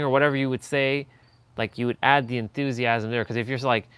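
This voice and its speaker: This live stream host coaches a viewer on speaking with casual feedback, talking briskly in a mid-range voice that's a bit bright, clear and resonant. The recording is dry. His speech is loose, packed with fillers and restarts, and he moves his voice up and down for demonstration.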